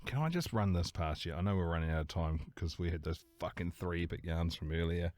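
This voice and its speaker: A man's voice: low voice, fairly quick, darkish tone, no echo. A man co-hosting a podcast, reading listener stories aloud with lots of swearing and dramatic flair. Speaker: podcast co-host.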